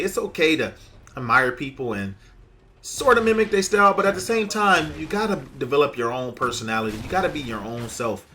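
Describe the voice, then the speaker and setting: A chatty male gaming host with a bright, sharp-edged tone, talking straight to his viewers. His delivery is upbeat and casual as he comments over gameplay, with a faint hiss under the voice. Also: mid-range voice.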